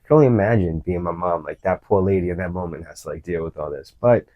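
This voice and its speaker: Man, low deep voice, rapid casual talk, filler-heavy storytelling, dry close sound. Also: no echo, dull audio. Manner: fast, loose storytelling with many "you know" fillers. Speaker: MMA fighter and coach. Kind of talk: casual interview chat.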